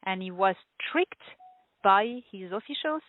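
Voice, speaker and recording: A woman being interviewed as a guest, telling her story in a halting way, with many fillers and restarts and frequent laughter. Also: mid-range voice, lively intonation, no echo. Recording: tinny phone-like line.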